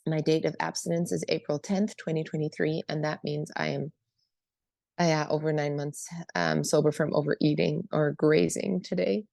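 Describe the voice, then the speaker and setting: A woman sharing her recovery story at a meeting, emotional and hesitant, with many pauses and fillers. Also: sits low, flat delivery, creaky, darkish tone, dry recording. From Germany. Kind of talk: personal testimony at a meeting.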